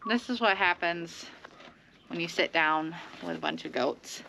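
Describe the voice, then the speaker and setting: A woman's voice: fairly low pitch, a little slow, gravelly, pushed and bright. A woman vlogging casually from her farm, cooing and baby-talking to her goats as she walks around. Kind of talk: casual farm vlog chat. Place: outdoors and in a barn with goats. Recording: noisy barnyard recording with goat bleats.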